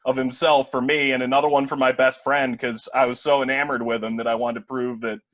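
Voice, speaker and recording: A man's voice: medium pitch, dry recording. 20s sportscaster guy telling stories, lots of ums and restarts, mid voice, dry close sound. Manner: animated, quick anecdotes with many restarts and fillers. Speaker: play-by-play broadcaster, podcast guest. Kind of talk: casual storytelling chat.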